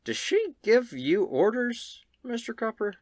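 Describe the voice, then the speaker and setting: A man's voice: medium pitch, lively intonation, moderate pace, pushed and bright, no room sound, studio quality. A man voicing a small, cocky male adventurer in a tabletop game, with a folksy, boastful way of talking. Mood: wry.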